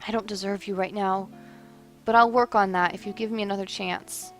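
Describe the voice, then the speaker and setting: A woman's voice: steady tone, brisk, faint music behind, natural voice. A woman voicing a remorseful young woman who breaks off her engagement, tearful and pleading, in a dramatic story reading. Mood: earnest. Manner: tearful, pleading, high and strained.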